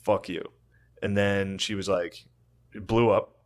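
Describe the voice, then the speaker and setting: A man's voice: on the low side, fairly even intonation, unhurried, clean tone. A man co-hosting a podcast, trading crude jokes in casual banter and slipping into mocking voices. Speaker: podcast co-host.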